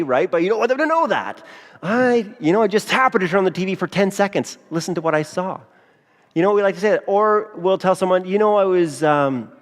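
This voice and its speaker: A man preaching a sermon as a pastor, in a conversational manner with frequent rhetorical asides to the congregation. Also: sits high. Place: church sanctuary. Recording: long church reverb.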